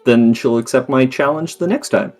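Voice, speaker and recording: A man's voice: medium pitch, moderate pace, darkish tone, soft background music. A man chatting casually on a voice call with fellow tabletop players, rambling and laughing at himself. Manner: rambling, laughs often, self-mocking.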